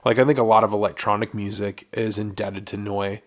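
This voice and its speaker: A man co-hosting a podcast in a casual chat, agreeable and quick with short replies of agreement, laughing easily. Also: fairly low pitch, level tone. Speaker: podcast co-host.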